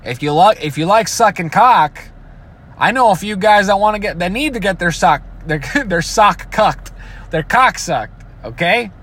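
A man with a fairly high voice rants casually and profanely, swearing freely and slipping into mocking imitations of other people. He sounds like he is talking inside a vehicle, with car noise behind him. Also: lively intonation, unhurried, fairly bright tone. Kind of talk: casual rant.

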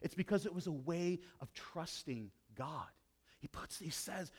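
A man preaching a sermon as a pastor, with dramatic swings between loud emphasis and hushed intensity. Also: on the high side, expressive, a little slow, breathy edge.

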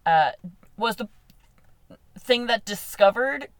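A woman co-hosting a casual comedy podcast from her car, playful with deadpan quips and crude jokes. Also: fairly high pitch, takes it slowly, clean tone, dry recording. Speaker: podcast co-host.

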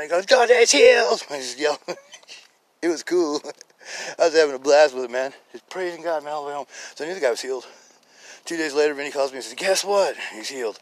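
A man on a podcast spins a loose, chatty story about prayer and healing. He swings from quiet, near-whispered asides to loud, excited quoted lines, laughing often along the way. It sounds recorded on a phone outdoors. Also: medium pitch. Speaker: podcast host telling a testimony. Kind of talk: rambling casual storytelling. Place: outdoors in a neighborhood, birds and a dog nearby.

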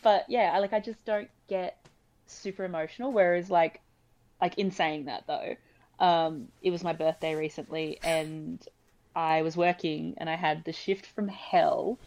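A woman's voice: lowish voice, fairly even intonation, a little slow, darkish tone, dull audio. A young woman who works as an emergency nurse, chatting casually and filling her talk with likes and ums. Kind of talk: casual podcast chat.

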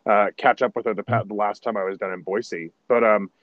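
A man, a stage actor, chatting as a podcast guest and telling stories in an animated way, often correcting himself as he goes. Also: fairly low pitch, a little fast, no room sound, phone-quality sound. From United States. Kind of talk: casual podcast conversation.

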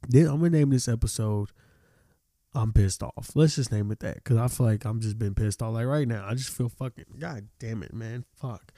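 This is a young man alone on his podcast, nose blocked by allergies, swearing his way through a loose, exasperated rant. He talks fairly quickly in a mellow mid-range voice, and the studio-quality audio has no room sound.

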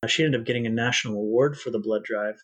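A man's voice: mid-range voice, fast, crowd noise. A man, a guest in an interview, recounting his experience earnestly and reflectively, often restarting his sentences. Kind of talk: personal storytelling in an interview.

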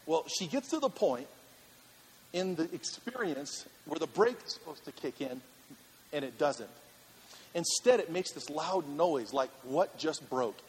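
A male pastor telling a funny personal story in a sermon, animated and laughing, then turning earnest. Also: fairly high pitch, a little slow, slight background noise. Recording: reverberant hall with faint ambience.

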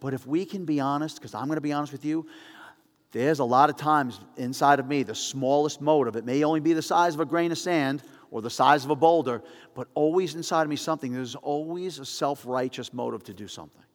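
A male pastor preaching in a casual, storytelling way with animated asides. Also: on the high side, a little fast, in a large hall. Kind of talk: sermon.

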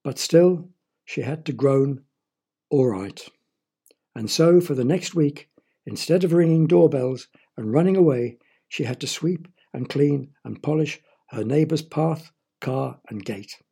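A man reading a children's story aloud in a gentle, explanatory manner. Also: fairly high pitch, measured pace, vocal fry, slightly rough.

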